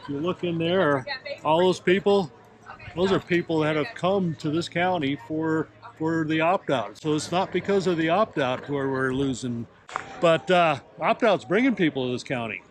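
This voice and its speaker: Brief: man with a slightly high voice, chatty and folksy, interviewed outdoors. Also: normal speed. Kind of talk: casual interview.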